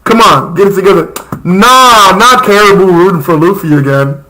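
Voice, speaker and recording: A man's voice: high-pitched, moderate pace, sharp tone, low-quality recording. A young man chatting casually and passionately as a live reaction streamer, rambling in slang.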